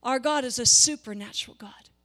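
A woman's voice: fairly high pitch, fairly quick, fairly bright tone. A woman preaching a sermon to a church, speaking with passion, repeating words and building to emphatic peaks.

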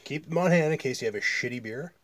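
A man's voice: mid-range voice, expressive, fast. A man from Canada co-hosting a casual beer-tasting podcast, wry and offhand with crude jokes. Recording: very noisy home recording.

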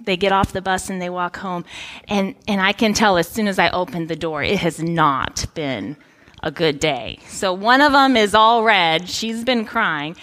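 A woman in her thirties preaching a sermon, opening with a lively personal story and acting out the voices in it. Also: lowish voice, measured pace. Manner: lively storytelling, animated quotes. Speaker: pastor.

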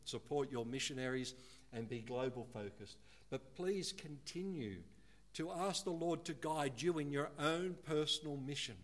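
A male pastor preaching a sermon in church. He speaks earnestly, slowing down to stress key words and growing animated when he acts out how people talk. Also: mid-range voice. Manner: earnest, animated when quoting, slows for emphasis.

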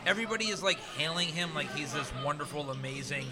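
A man's voice: fairly high pitch, expressive, fast talker, a crowd in the background. A man co-hosting a casual podcast, ranting with profanity and repeating himself. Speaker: podcast co-host.

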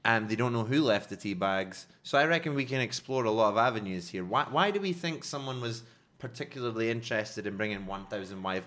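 A man with a fairly low voice co-hosting a comedic news podcast. He reads out headlines and then riffs on them in an animated, casual way, often restarting his sentences. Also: brisk. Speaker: podcast co-host presenting news stories.

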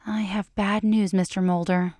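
A woman's voice: medium pitch, level tone, moderate pace, a little mellow, no echo, lightly acted. A woman voicing a composed female doctor who speaks in a level, haughty, clinical way.

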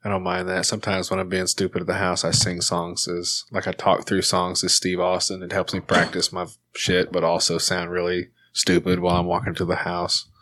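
A man's voice: low voice, completely flat delivery, brisk, few pauses, sharp tone. A young man in casual, profane chat with friends, laid-back and joking.

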